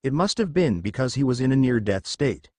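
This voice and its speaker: A man narrating a fan fiction story in an animated reading voice. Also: medium pitch, brisk, no room sound, studio quality. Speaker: fanfiction reader.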